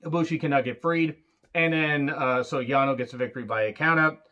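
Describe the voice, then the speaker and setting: A man giving a casual solo wrestling review, excitable and rambling, swearing freely. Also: medium pitch, a little fast, highs cut off.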